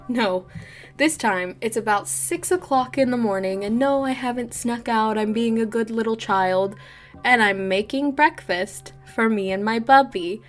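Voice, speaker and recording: Woman vlogger, chatty storyteller with a bright high pitch and a laugh in her voice, faint music underneath. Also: moderate pace. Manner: chatty, animated, laughs often. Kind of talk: casual storytime chat.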